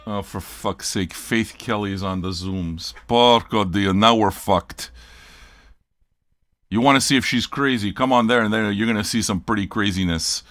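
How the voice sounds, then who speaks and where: A man's voice: lowish voice, moderate pace, fairly bright tone, dry recording. An older man hosting a record-listening show, talking in a blunt, profane, rambling livestream rant.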